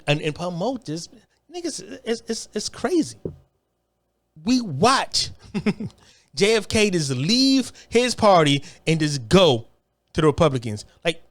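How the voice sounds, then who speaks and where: A man in the middle of a fired-up political monologue. His voice sits high and swings widely, and he curses freely. He keeps stumbling into restarts as he talks. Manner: heated, profane, repetitive restarts. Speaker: online commentator.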